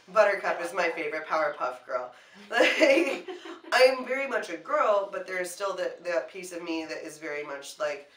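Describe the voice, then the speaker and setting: A woman co-hosting a casual chat, animated and often restarting her sentences. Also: on the low side, moderate pace. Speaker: co-host. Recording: echoey room, mic at a distance.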